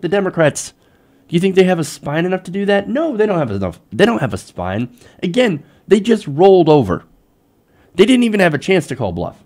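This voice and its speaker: A man's voice: a little high, darkish tone. A young man giving heated, sarcastic political commentary as host of his own show. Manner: heated, sarcastic, mocks politicians in put-on voices.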